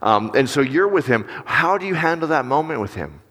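A man preaching a sermon in a conversational way. He asks his listeners questions and turns animated when he acts out little stories. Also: on the high side, fairly quick. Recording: long reverb of a large hall.

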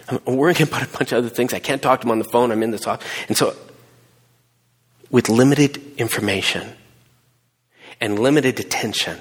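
A middle-aged man preaching a sermon, telling a personal story with emphatic swings between hushed and raised delivery. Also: mid-range voice, slightly rough. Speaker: pastor. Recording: long hall reverb.

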